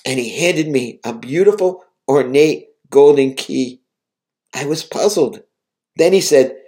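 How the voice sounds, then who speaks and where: A man's voice: medium pitch, measured pace, dark tone. A man preaching, recounting a vision and exhorting his listeners in an earnest, emotional way. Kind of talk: devotional vision account and exhortation.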